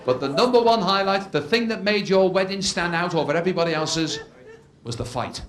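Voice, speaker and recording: Before a live audience whose loud laughter is heard throughout, a man delivers a stand-up routine. His voice sits high, with lively intonation and a slightly fast pace, as he narrates stories and voices different characters.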